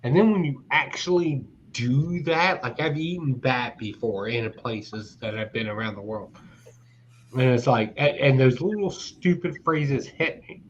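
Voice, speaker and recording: A man's voice: medium pitch, a little slow. A man hosting a casual online panel chat, full of crude, teasing banter. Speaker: hangout host. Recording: dull lo-fi sound with faint noise.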